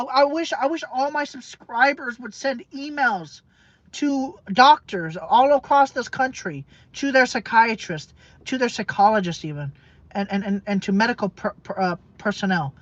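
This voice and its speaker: Brief: woman vlogger, fairly high voice, heated repetitive rant, dry lo-fi recording. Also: animated, a bit bright, no room sound. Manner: emphatic, repetitive, profane, halting with fillers. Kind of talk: emotional rant to camera. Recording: dull lo-fi dry sound.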